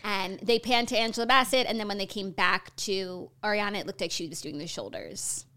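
Woman, podcast co-host, casual chat, playful, quick asides, mid pitch. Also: pushed and bright, clear, resonant tone. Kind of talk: casual pop culture chat.

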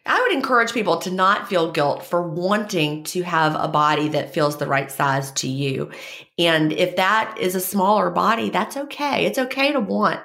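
A woman's voice: on the low side, moderate pace, vocal fry, a bit bright. A woman co-hosting a podcast in casual chat, a little stuffy from a cold, giving emphatic advice. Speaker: podcast co-host.

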